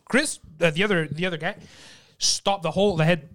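A young man hosting a casual chat, telling profane, animated stories about restaurant work. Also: high-pitched, a little fast. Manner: profane, animated storyteller, acts out shouted quotes. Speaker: podcast host.

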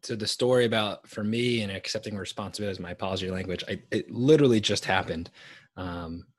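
A man co-hosting a podcast, talking things over in a thoughtful, unhurried way with fillers. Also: fairly low pitch, no room sound. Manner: thoughtful, drawn-out phrasing with fillers. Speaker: podcast co-host. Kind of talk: reflective conversational podcast talk.

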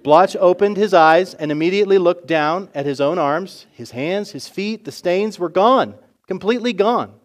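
A male pastor narrating a story in a sermon with expressive storytelling. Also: high voice, normal speed, hardly any pauses.

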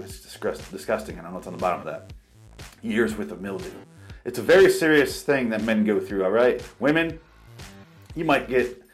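A man with a low voice gives a mock-serious comedy confession from a shower. He plays it melodramatic and confessional, with faint music behind him. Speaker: comedy vlogger.

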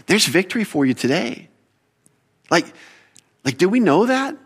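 Preaching in a high voice, a pastor delivers his sermon with lively emphasis. He poses rhetorical questions and makes quick self-corrections along the way.

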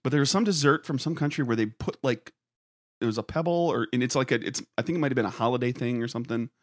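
A man's voice: medium pitch, quick pace, no room sound, studio quality. A man in casual chat who jokes, laughs often and hunts for words with fillers.

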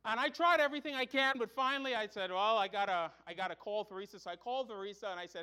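A middle-aged man preaching a sermon as pastor, telling stories with sudden loud, high bursts. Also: fast talker, few pauses.

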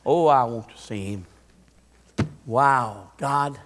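A man preaching a sermon, swinging from hushed murmurs to fervent, rising cadences. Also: mid-range voice, slow pace, a little hiss or hum. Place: church. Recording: music behind, long hall reverb.

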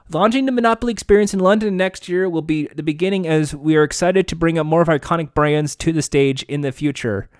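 A man's voice: high voice, fast, few pauses, clear, resonant tone, dry recording, studio quality. A man hosting a casual commentary show, reading news aloud and riffing on it with sarcasm, rambling and frequent swearing. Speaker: podcast host.

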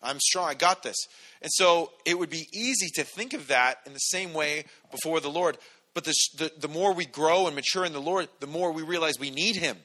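A man preaching a conversational, animated sermon to a congregation, acting out quotes as he goes. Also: a little high, normal speed. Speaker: pastor. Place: church hall with congregation.

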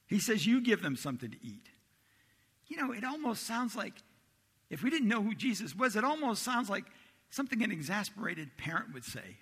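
A man preaching a sermon as a pastor, telling the story with animated voices for the disciples. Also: high voice, normal speed, slightly rough. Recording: long reverb of a large hall.

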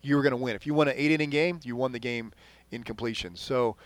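A man from Texas co-hosting a casual sports podcast, rambling through points and trailing off quietly at the ends of sentences. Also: medium pitch, quick pace, dry recording. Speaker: podcast co-host.

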